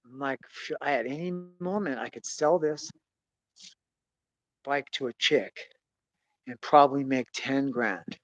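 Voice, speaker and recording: A young man telling a story in casual, profane chat, swinging between loud bursts and quiet mutters. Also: mid-range voice, a little slow, pauses often, dry recording, muffled recording. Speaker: podcast host.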